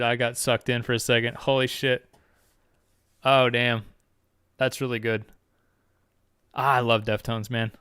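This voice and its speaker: A man hosting a podcast, chatting casually with viewers in a rambling, heavily profane and excitable way. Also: mid-range voice, clean tone, dry recording, clean studio sound. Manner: excitable, quick exclamations. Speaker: podcast host. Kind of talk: casual live-stream chat with viewers.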